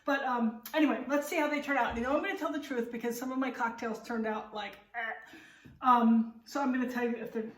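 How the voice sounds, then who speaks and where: High-voiced chatty woman in echoey kitchen. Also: fairly even intonation, brisk, recorded from a distance. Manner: chatty, rambling, candid self-critique. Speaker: home cooking vlogger. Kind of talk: casual cooking vlog chat. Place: home kitchen. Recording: roomy kitchen, voice off-mic.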